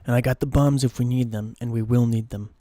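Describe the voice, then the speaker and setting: A man's voice: mid-range voice, steady tone, a little fast, warm tone, no room sound, studio quality. A man casually reading a story aloud on a live stream, swearing and stumbling over words now and then.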